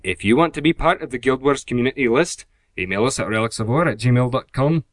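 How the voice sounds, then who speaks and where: A man's voice: medium pitch, a little fast, background noise, close to an everyday voice. A man playing a podcast host who reads announcements in a hammed-up, put-on Scottish accent, stumbling now and then. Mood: hammy.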